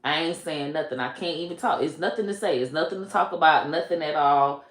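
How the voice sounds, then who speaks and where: A woman's voice: low-pitched, a little fast, reverberant. A woman comedian telling a profane, comic story and laughing between her lines.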